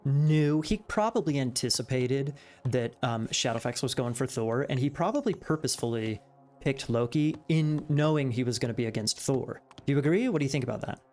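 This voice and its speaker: A man's voice: mid-range voice, expressive, a little fast, a little mellow. A man co-casting a strategy game match, talking in a chatty, musing way with lots of fillers. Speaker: esports caster. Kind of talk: game commentary.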